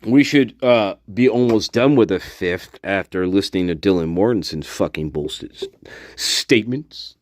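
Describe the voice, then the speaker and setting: A man's voice: sits low, moderate pace, a little mellow, dry recording. A man hosting a casual livestream, talking in a rambling, profane, repetitive way and laughing often. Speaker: livestream host.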